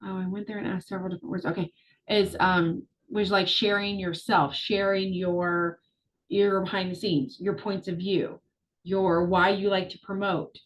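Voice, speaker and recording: A woman's voice: fairly low pitch, rough recording. A middle-aged woman coaching her group on a video call, talking in a chatty, upbeat way with plenty of fillers. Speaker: social media business coach.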